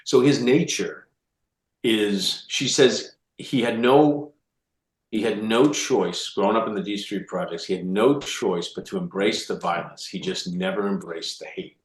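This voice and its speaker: A man speaking as an author guest in a casual interview, animated, with quick restarts and repeated words. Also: fairly low pitch. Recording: roomy echo.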